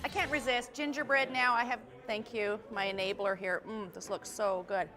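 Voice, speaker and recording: A woman's voice: on the high side, steady tone, normal speed, over music. A woman hosting a local lifestyle TV show on location, upbeat and chatty. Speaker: TV host.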